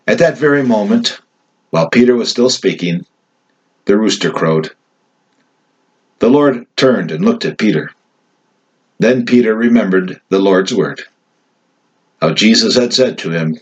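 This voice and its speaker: A man giving a scripted Bible reading, measured and solemn. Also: on the low side, lively intonation, husky, rough recording. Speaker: scripture reader.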